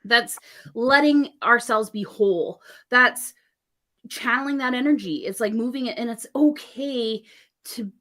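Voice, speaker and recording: Woman, casual chat, lively storytelling, acts out dialogue, slightly high voice. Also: measured pace. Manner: animated, acts out quoted dialogue, laughs often.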